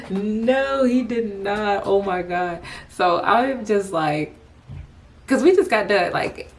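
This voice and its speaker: A woman's voice: medium pitch, slight background noise. A young woman telling a personal story to the camera, casual and profane, breaking into laughter often.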